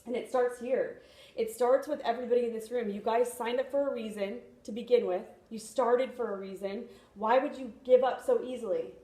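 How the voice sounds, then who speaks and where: A woman's voice: a little high, fairly quick, warm tone. A young woman giving a chatty motivational talk at a sales training meeting, often checking in with "you know what I mean?". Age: young adult. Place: meeting room. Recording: echoey room.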